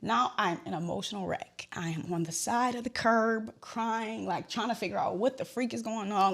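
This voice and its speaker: A young adult woman hosting a podcast, telling a personal story in an animated way, acting out the dialogue and talking straight to her listeners. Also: medium pitch, normal speed, hardly any pauses, slightly rough. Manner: animated, reenacts dialogue, addresses listeners as y'all. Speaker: podcast host.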